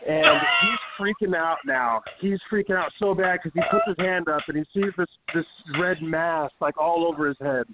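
A man's voice: fairly high pitch, moderate pace, few pauses. A man hosting a wrestling radio show, telling a long profane backstage story in a loose, rambling way full of fillers. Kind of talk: casual storytelling. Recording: tinny phone-line sound with faint hiss.

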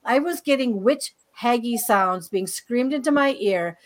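A fairly high-pitched woman talks as a guest, recounting her own eerie experiences in a loose, chatty way. She is animated and breezy, often doubling back on her words mid-sentence. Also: unhurried. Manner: animated, breezy storyteller who repeats words as she goes. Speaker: guest author and paranormal experiencer. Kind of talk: casual storytelling interview.

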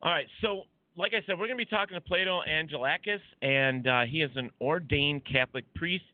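A man's voice: a little high, a little fast, no room sound. A man hosting a talk radio show, chatting casually in a rambling, hesitant way. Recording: dry, phone-like lo-fi audio.

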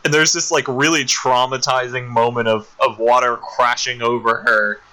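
Podcast co-host, male: very bright, tense tone, animated retelling, laughs a lot. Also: medium pitch, moderate pace, rough recording. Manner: animated retelling, putting on little voices for characters; laughs often. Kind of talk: casual chat.

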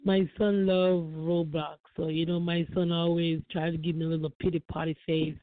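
A woman's voice: fairly low pitch, little pitch movement, normal speed, no echo. A woman guest on a call-in talk show, giving earnest personal testimony and repeating phrases for emphasis. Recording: dry tinny phone line.

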